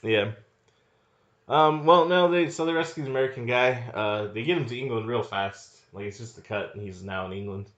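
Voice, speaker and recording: A man's voice: medium pitch, fairly quick, fairly bright tone. A man co-hosting a podcast, riffing on a movie in casual chat, joking and swearing often. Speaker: podcast co-host. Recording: echoey room, dull lo-fi sound.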